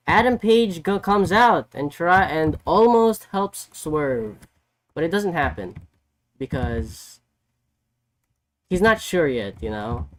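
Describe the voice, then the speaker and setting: A man streaming casually, recapping a story in an excitable, rambling way full of "like" and "you know". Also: a little high. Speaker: vtuber streamer. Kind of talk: casual chat.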